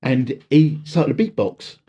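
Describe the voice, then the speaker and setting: A man, a wedding DJ, telling stories in casual podcast chat, with lots of fillers and restarts. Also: mid-range voice. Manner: animated storyteller, halting fillers and restarts.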